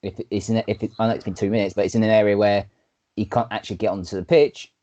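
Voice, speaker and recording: Fast, low-voiced rambling man. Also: flat delivery, warm tone, dull audio. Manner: rambling, repeats himself. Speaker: podcast co-host. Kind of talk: casual chat.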